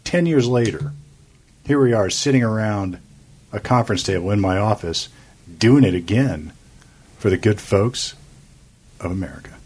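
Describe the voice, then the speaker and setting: A man's voice: fairly low pitch, lively intonation, normal speed, long pauses, darkish tone, husky. A man hosting a podcast in casual chat from his office conference room, easygoing and chatty. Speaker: podcast host.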